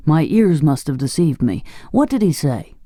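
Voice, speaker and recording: For an audiobook, a man voices a pompous but kindly king stuffed with straw, making him fussy and lofty. His voice is fairly high, sing-song and dark in tone at a moderate pace, recorded cleanly in a studio with no echo.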